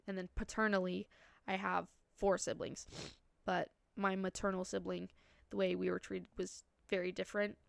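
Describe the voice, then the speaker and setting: A woman's voice: mid-range voice, creaky, clean tone, dry recording. A nineteen-year-old woman vlogging about her family in a rambling, confessional way, full of "like" and "you know". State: tearful, voice breaking. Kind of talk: personal vlog confession.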